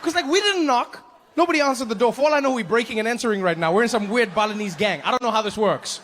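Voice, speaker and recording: Male comedian, stand-up, high voice for a man, animated storytelling. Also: fast talker, in a large hall, a little hiss or hum. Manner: animated storytelling with acted-out quotes.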